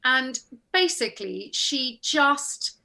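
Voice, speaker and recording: A woman actress telling an anecdote in an interview, animated and acting out the people she quotes. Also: high voice, slow pace.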